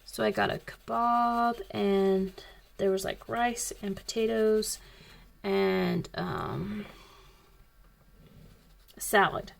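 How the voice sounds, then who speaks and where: A woman with a drawl chats casually while she colors, wandering from one point to the next as she tells a story. Her voice sits in a middle pitch and has a steady crackle of vocal fry. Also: extremely slow, pauses often. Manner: rambling, chatty storytelling. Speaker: coloring channel host.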